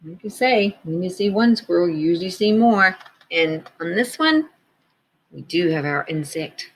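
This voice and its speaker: A woman teacher reading a picture book aloud to children, gently pointing out details in the pictures as she goes. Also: fairly low pitch, lively intonation, normal speed, slight background noise, poor audio.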